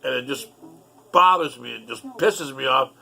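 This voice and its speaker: Gravelly middle-aged man telling rambling stories. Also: medium pitch, normal speed, sharp tone, faint music behind. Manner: profane, rambling, aggrieved. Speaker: storyteller. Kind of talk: casual storytelling.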